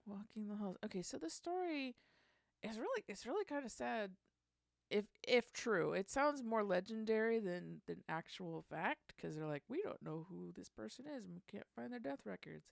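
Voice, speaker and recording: A woman's voice: mid-range voice, expressive, moderate pace, creaky, dry recording. A woman hosting a casual songwriting session, thinking aloud and trying out lyric lines under her breath.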